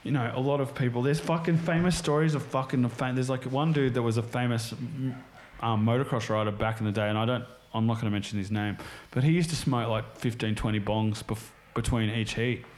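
A man's voice: mid-range voice, steady tone, brisk, a little hiss or hum. Roomy, rambling man. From Australia. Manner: rambling, heavily profane storytelling full of fillers. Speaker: podcast guest. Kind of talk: casual chat, storytelling. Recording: roomy echo.

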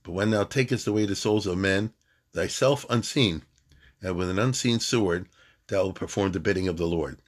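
A man's voice: low-pitched, moderate pace, voice pushed down. A man reading aloud the lines of an aged, devout rabbi who outwits death in a narrative poem. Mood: solemn. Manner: solemn poetic recitation.

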